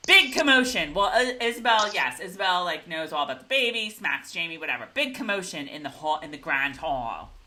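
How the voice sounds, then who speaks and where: Bright, lively woman recapping a show. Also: fairly low pitch, fairly quick, hardly any pauses. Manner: animated, giggly, acts out scenes in voices. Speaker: podcast co-host recapping a TV episode. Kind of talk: casual chat.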